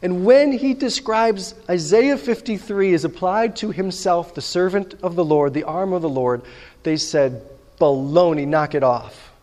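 A man's voice: sits high, measured pace, a little mellow. A man preaching a sermon, telling stories animatedly and acting out the dialogue himself. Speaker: pastor. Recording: long hall reverb.

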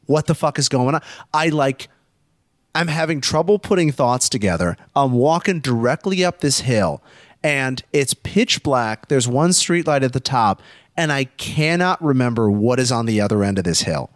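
Man, young adult, casual storytelling, animated, profane, dry sound. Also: medium pitch, moderate pace, no room sound. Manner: animated, swears often, acts out quotes.

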